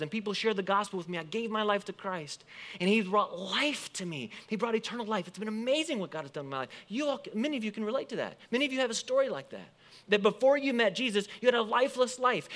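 Bright-voiced male preacher. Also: high voice. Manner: animated preaching, rising and falling emphasis, quoting scripture. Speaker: pastor. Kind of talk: sermon.

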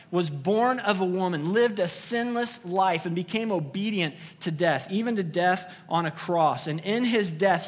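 A man's voice: sits high, big-room sound. A man preaching a sermon to his congregation, earnest and emphatic, repeating key phrases for weight. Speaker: pastor. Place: church sanctuary.

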